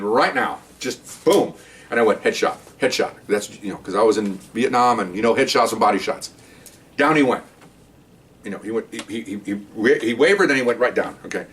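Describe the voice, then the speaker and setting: A man's voice: mid-range voice, normal speed, far from the mic. Older man telling rambling cop stories. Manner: rambling, animated, acts out shouted commands. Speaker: retired police officer telling stories. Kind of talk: casual storytelling.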